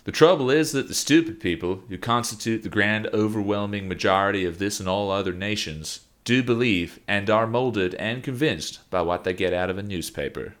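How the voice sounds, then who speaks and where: Low-voiced man reading quotes, laughing. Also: moderate pace, few pauses, fairly bright tone. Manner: laughs often, reads quotes with lifted emphasis. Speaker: podcast co-host. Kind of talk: casual chat, reading out quotes.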